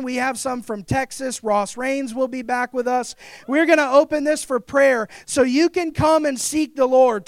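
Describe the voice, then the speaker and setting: Guy pastor preaching hard, really high voice, dry sound, gets shouty. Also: no room sound. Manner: fervent preaching, building to shouts. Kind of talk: sermon.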